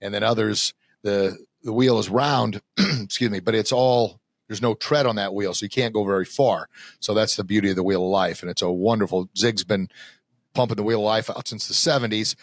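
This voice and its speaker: A man, a confidence coach being interviewed on a podcast, talking in an energetic, emphatic, motivational way. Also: on the low side, brisk, no echo, studio quality.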